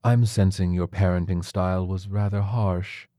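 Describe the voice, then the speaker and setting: A soft-spoken tiger surgeon, voiced by a man in a spoken story. He sounds measured and clinical and stays gently matter-of-fact. The voice is deep and the sound is dry and close. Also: fairly even intonation, no echo, lightly acted. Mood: calm.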